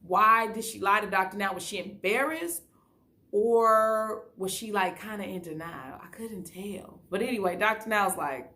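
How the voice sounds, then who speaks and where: A woman's voice: medium pitch, normal speed, sharp tone. A woman giving a casual, chatty recap of a TV episode, often retelling scenes in quoted dialogue. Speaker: YouTube reality-show recapper.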